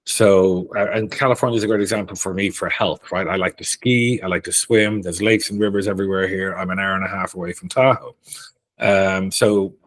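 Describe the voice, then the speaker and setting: A man with a Dublin Irish accent, a career coach talking as a guest in a casual interview, telling stories in an animated way and often laughing. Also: sits low, a little fast, dry recording. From Ireland.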